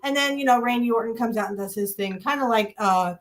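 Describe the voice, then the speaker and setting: A woman co-hosts a laid-back wrestling review podcast, speaking bluntly, swearing, and launching into mocking rants. Her voice is on the high side and fast.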